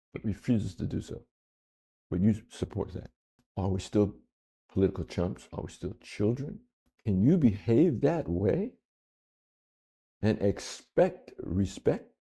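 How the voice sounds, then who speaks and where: A man with a low, husky and gravelly voice gives video commentary. He speaks deliberately, posing pointed questions and repeating lines for emphasis. His tone is dark and his pitch moves a lot.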